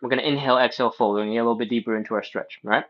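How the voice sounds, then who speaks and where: Male mobility coach, mid-pitched, calm live cueing, lo-fi stream audio. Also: very fast. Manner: calm, coaching, counting breaths and reps. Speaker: stretching instructor. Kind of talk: live workout instruction. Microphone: livestream setup.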